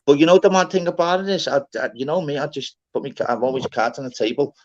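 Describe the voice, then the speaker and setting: A man's voice: a little high, quick pace, darkish tone. A man hosting a live stream, bragging and swearing in loose casual banter. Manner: boastful, slangy, swears freely. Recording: dull lo-fi stream audio.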